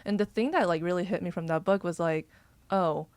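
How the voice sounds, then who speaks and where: A woman's voice: lowish voice, fast talker, a little mellow, no echo. A woman guest in a casual group conversation, speaking thoughtfully and reflectively, with filler words as she works through ideas.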